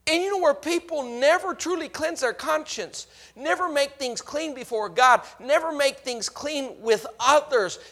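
A male preacher with a very high, bright and forceful voice delivers a sermon. He swings from loud to hushed and acts out the voices he quotes.

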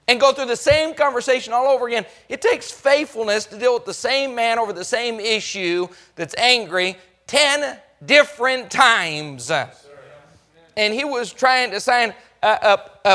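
High bright-voiced preacher. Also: male voice. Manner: folksy storytelling with acted-out voices; emphatic, rises to shouts. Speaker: pastor. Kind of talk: sermon.

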